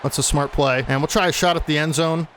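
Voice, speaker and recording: Young male gaming host, fairly high voice, casual play-by-play over his own game that turns exasperated, faint hiss in the background. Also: steady tone, fast, a bit bright. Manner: casual, gets agitated and exasperated at bad plays. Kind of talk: play-by-play commentary over gameplay.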